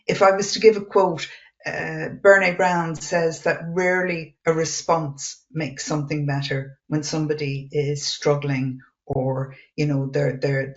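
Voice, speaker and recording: Female webinar panelist, earnest, animated, lo-fi call audio. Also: low voice. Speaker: webinar panelist, coaching expert. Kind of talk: conversational webinar talk.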